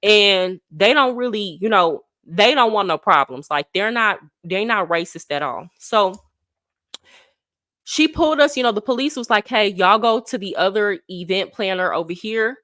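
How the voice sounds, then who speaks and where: A woman on a livestream who tells a story casually and acts out the people she quotes in lively voices. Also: mid-range voice, normal speed, no echo, clean studio sound. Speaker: livestream host.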